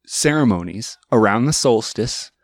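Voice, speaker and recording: A man's voice: on the low side, expressive, measured pace, no room sound, studio quality. Chatty male podcast host. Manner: chatty, explanatory, laughs easily. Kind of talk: casual conversation.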